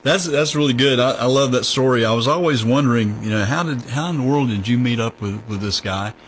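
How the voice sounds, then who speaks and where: A man hosting a radio interview, speaking in an easygoing way, with halting restarts. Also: mid-range voice, a little hiss or hum, low-quality recording. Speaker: radio host.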